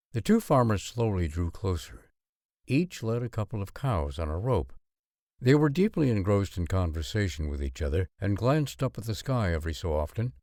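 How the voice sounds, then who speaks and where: A man reading a novel aloud in expressive, measured narration. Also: lowish voice, dry recording, studio quality. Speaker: audiobook narrator. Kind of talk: scripted storybook narration.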